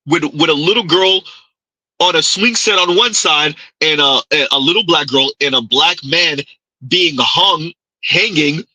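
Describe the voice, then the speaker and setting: A man's voice: fairly high pitch, pushed and bright, husky, dry recording, poor audio. A man hosting a livestream, giving mocking reaction commentary with sarcastic repetition and frequent laughter. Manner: sarcastic, laughs often, repeats lines in ridicule.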